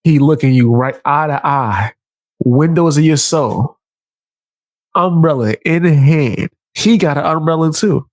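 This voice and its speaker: A man's voice: on the high side, unhurried, dry recording. A man hosting casual commentary, telling a story with animation and acting out the scene. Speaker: host.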